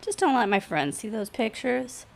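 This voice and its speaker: A woman's voice: fairly high pitch, sing-song, moderate pace, gravelly. A woman playing a taunting, bossy bartender. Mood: commanding. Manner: taunting, commanding.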